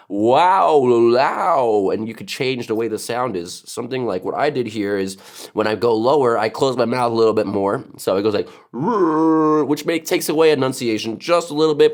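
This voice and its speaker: In a lowish voice, a man casually talks through his vocal techniques, stopping now and then to demonstrate growls, gutturals and shrieking screams.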